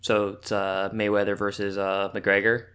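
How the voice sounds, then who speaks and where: A man co-hosts a casual podcast chat, spinning a long, animated story packed with fillers and frequent laughter. His voice is on the low side and clean in tone, and he keeps a moderate pace.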